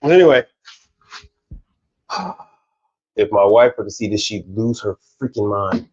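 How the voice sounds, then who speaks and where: A man's voice: lowish voice, measured pace. A man working as a commercial appliance technician, chatting casually on a livestream, telling stories animatedly and repeating words as he goes. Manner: animated storyteller, repeats words, laughs often. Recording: slightly dull audio, faint music.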